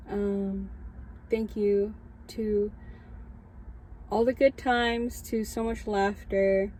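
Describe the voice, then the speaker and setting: Slow, mellow young woman sharing testimony. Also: medium pitch, slight background noise, low-quality recording. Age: young adult. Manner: heartfelt, tearful, laughing. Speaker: student chaplain. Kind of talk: personal testimony, casual. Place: in her car at night. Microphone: camera in a car.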